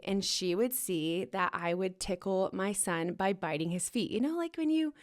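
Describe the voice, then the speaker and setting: A young woman speaks straight to her listeners in a mid-pitched voice, open and heartfelt. She recounts hard times with real feeling, rising with emotion and letting rueful laughs slip in. Her tone is warm and confessional, like a podcast host talking to people she knows. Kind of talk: personal storytelling to listeners.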